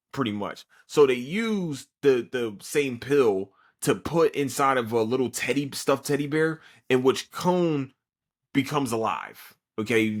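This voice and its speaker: A tired man hosting a podcast, recapping an anime episode in a rambling, profane way with lots of fillers. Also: mid-range voice. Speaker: podcast host.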